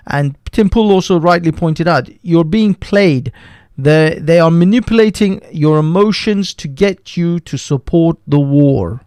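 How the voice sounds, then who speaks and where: A man's voice: a little high, darkish tone, no room sound, clean studio sound. A man hosting a live stream, ranting in profane, heated commentary that often breaks off and restarts. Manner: profane, heated, interrupts himself. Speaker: livestream host.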